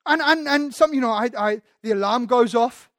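A man's voice: very high voice, moderate pace, a bit bright, dry recording, clean studio sound. A man preaching a sermon as pastor, candid and self-deprecating, often restarting his sentences.

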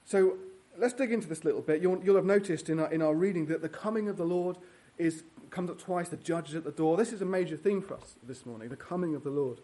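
Male preacher, slightly high voice, earnest, teaching a sermon verse by verse. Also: fast talker, hardly any pauses, dark tone. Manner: earnest, prays, teaches verse by verse with fillers and restarts. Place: church.

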